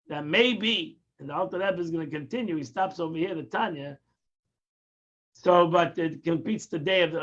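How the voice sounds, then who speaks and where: A man's voice: high-pitched, fairly bright tone, muffled recording. A man teaching a daily Tanya lesson, explaining patiently, repeating and restarting phrases and mixing in Hebrew terms. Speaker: Torah teacher.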